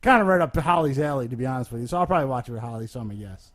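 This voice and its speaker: A man's voice: mid-range voice, lively intonation, racing, a bit bright. A man hosting a casual podcast chat, reading off a list of picks and asking the others for their verdicts. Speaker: podcast host.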